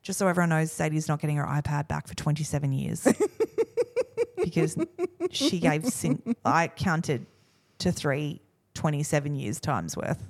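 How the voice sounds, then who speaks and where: A woman's voice: low voice, lively intonation, measured pace. A woman, co-hosting a podcast in casual, self-mocking chat and acting out what others said. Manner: chatty, self-mocking, acts out quotes. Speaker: podcast co-host.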